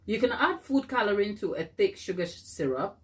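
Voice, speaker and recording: A woman's voice: mid-range voice, very animated, fairly quick. A chatty woman hosts a casual baking live stream, talking through her ideas as she works. She reads out viewer comments and laughs often. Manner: thinks aloud while working. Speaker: cake baker hosting a live stream.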